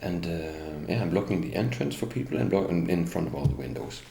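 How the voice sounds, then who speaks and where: A man's voice: sits low, animated, fairly quick, vocal fry, warm tone, slight background noise. A middle-aged man, an English speaker, giving a bitter, indignant first-person account as an interviewee and turning to address the police directly. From Norway. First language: Norwegian. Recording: roomy echo with faint ambience.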